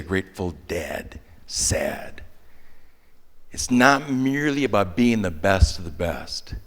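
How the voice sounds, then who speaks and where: An older man giving a motivational keynote, shifting from hushed lines to animated storytelling. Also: deep voice. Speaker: keynote speaker. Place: large conference hall. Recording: long reverb of a big hall.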